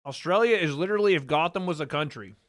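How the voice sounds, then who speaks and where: Here a host's rapid, expressive voice sits on the high side and has a bit of brightness. He's doing casual live reaction commentary at a watch party, cracking up, swearing, and talking loosely with his chat about the fights.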